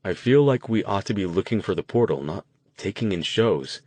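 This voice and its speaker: A man's voice: on the low side, expressive, normal speed, darkish tone, no echo. A man reading the lines of an eager, joking young male friend in an audiobook. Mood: earnest.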